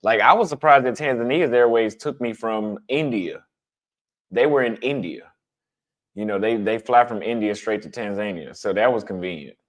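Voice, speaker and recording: A man's voice: fairly low pitch, expressive, normal speed. Blunt man in casual chat. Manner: blunt, conversational, repeats points for emphasis. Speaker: travel vlogger answering chat.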